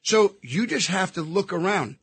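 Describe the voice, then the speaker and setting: A man's voice: sits high, expressive, moderate pace, slightly rough, no echo. Emphatic man telling stories. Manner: emphatic, repetitive storyteller. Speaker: actor and guest. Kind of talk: casual interview chat.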